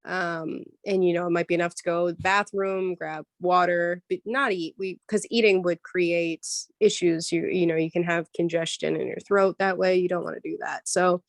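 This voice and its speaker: Woman, voice actor guest, lower register, dry close sound, animated and chatty. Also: normal speed, few pauses, no echo. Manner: lively, explanatory, frequent "um" and "like". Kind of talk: casual interview chat.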